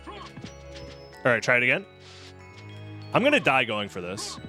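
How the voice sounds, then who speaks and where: A man's voice: mid-range voice, huge pitch swings, measured pace, long pauses, sharp tone, soft background music. An American man commentating a live-stream game run, joking and sarcastic as he chats with viewers. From United States.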